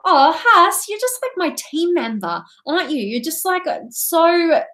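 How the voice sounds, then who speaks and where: High-voiced woman coach, bubbly and effusive, reading out viewer comments live. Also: very animated, a little slow, bright, forceful tone. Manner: gushing, effusive, thanks viewers by name. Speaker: life coach hosting a live training.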